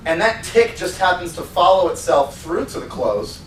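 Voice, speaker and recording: Animated high-voiced male sales trainer. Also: moderate pace. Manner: lively, acts out scenes in put-on voices. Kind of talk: animated seminar teaching. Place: seminar room. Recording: roomy sound from a distant mic with faint noise.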